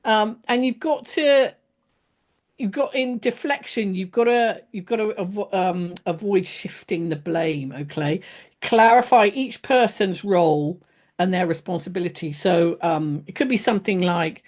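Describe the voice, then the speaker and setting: A woman teaching a casual lesson on leadership, chatty, with many fillers and restarts, acting out sample phrases in a gentler voice. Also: mid-range voice, measured pace. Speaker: leadership trainer.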